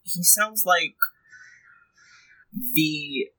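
A podcast co-host in casual chat, cutting in with jokes and quick remarks. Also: medium pitch, bright, forceful tone, poor audio. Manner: jokey, interjecting, puts on silly voices.

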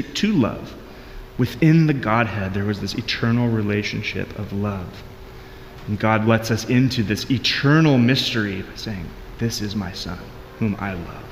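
A man's voice: medium pitch, reverberant, long reverb tail, slight background noise. A married man giving a conversational, earnest sermon as a pastor, with frequent restarts.

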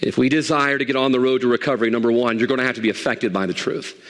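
A middle-aged man preaching a sermon as pastor, animated, swinging from loud emphatic highs to soft asides. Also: rapid-fire. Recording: long hall reverb.

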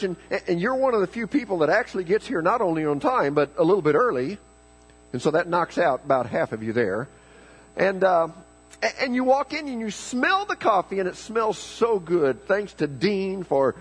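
A man's voice: high-pitched, husky, poor audio. A man preaching a folksy, joking sermon in church, often repeating words as he starts a thought. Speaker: pastor.

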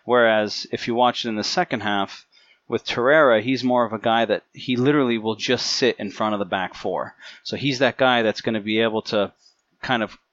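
A man on a casual football podcast, explaining tactics at length in a relaxed, analytical way. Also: mid-range voice, normal speed, no room sound, lo-fi sound. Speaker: podcast co-host.

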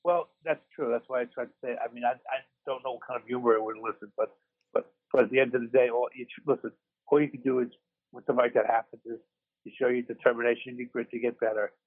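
A man co-hosts a casual sports podcast from his hospital room after surgery, talking fast in a medium-pitched, fairly even voice. He rambles, restarts often and pokes fun at himself, all over a tinny phone line.

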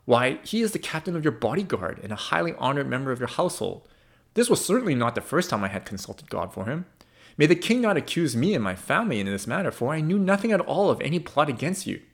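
A frightened priest pleads his innocence in a hurried rush of words, as a preacher reads him out. The voice stays near the reader's own pitch, fast and urgent. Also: very animated, gravelly. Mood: pleading. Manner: rushed, pleading.

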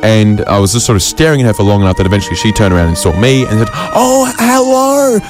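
A man delivering a rambling comic monologue full of quick asides and self-mocking jokes. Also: lowish voice, over music. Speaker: comedian host.

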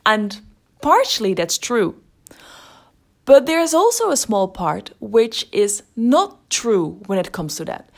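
A woman's voice: mid-range voice, sing-song, slow pace, creaky. A middle-aged woman hosting a podcast as a creativity teacher, talking thoughtfully and often restarting her sentences. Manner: thoughtful, with frequent restarts and fillers. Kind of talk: casual spoken monologue.

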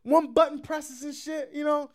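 A man hosting a podcast, telling a story in casual chat, animated and swearing, laughing often. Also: extremely high pitch, moderate pace. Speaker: podcast host.

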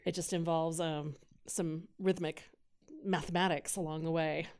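A woman with a lowish, smooth, resonant voice co-hosts a relaxed interview. She speaks thoughtfully and with appreciation. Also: normal speed. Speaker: podcast co-host. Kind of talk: casual interview conversation.

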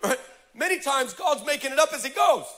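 High, bright, animated preaching man. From Mexican heritage. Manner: animated, shouting, laughing preacher with quick asides. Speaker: pastor. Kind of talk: sermon. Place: church stage.

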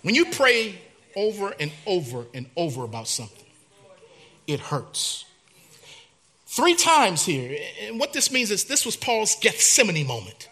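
A male pastor preaching a sermon, dramatic, dropping to a hush and then rising loud, in a church. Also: sits high, big pitch swings, a little slow.

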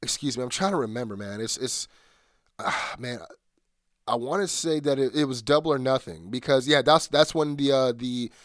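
A man's voice: medium pitch, moderate pace, a bit bright, dry recording, clean studio sound. A man hosting a solo podcast, chatting casually with lots of fillers and restarts. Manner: rambling, many fillers and restarts. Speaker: podcast host.

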